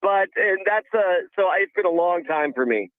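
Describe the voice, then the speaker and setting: Male phone-in guest, fairly high voice, tinny phone line, relaxed and chatty. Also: normal speed, no echo. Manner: easygoing, laughs, chatty. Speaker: guest analyst on call. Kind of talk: casual phone interview.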